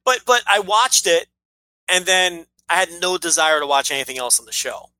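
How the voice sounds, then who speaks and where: A man's voice: high-pitched, animated, normal speed, sharp tone, low-quality recording. A man co-hosting a casual wrestling podcast, rambling and blunt, swearing freely. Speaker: podcast co-host.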